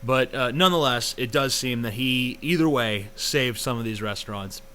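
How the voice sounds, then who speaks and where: A man's voice: medium pitch, moderate pace, sharp tone, slight background noise. A young man ranting casually in a video review, profane, rambling and sarcastic, full of fillers. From United States.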